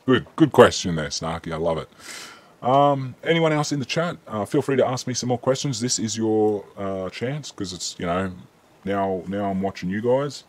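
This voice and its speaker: A man's voice: lowish voice, lively intonation, moderate pace, a little mellow. An Australian man hosting a casual live-stream Q&A, chatting easily and reading viewer questions aloud with frequent ums.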